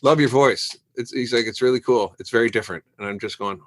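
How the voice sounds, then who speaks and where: A man telling stories as a guest on a casual podcast interview, lively and acting out the voices of people he quotes. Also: lowish voice, fast. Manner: animated storyteller who acts out quoted voices. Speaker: musician guest.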